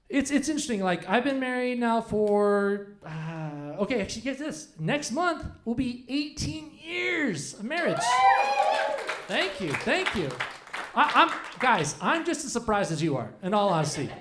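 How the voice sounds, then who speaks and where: A man's voice: sits high, big pitch swings, moderate pace, a bit bright. A man in his forties doing a stand-up comedy set on a club stage, rambling and self-deprecating with lots of restarts.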